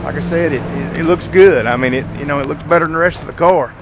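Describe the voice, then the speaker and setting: A man's voice: fairly high pitch, quick pace, noisy background. A young man casually showing off his repainted car outdoors, rambling with fillers and restarts. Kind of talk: casual walkaround vlog.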